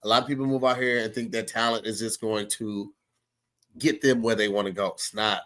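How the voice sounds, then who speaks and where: A man's voice: fairly low pitch, fairly even intonation, a little fast, fairly bright tone. Laid-back man giving mentor-style advice. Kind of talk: casual comedic banter.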